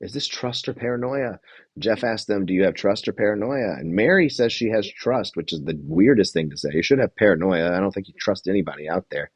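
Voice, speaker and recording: A young man with a fairly low voice hosts a loose, casual recap, rambling through his thoughts with plenty of fillers and swearing. He reads comments from a live chat as he goes. The sound is dry, with little room around it. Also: brisk, husky, dry recording. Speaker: podcast host reviewing a reality show.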